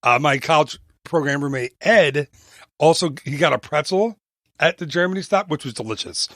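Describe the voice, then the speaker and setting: A man chatting as co-host of a travel podcast, his voice sitting a little high for a man. He rambles, jokes and stumbles over his phrasing before pushing on. The sound is dry and close to the mic. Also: animated, normal speed, a bit bright, no room sound. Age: adult. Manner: rambling, joking, trips over words and restarts. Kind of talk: casual travel podcast chat.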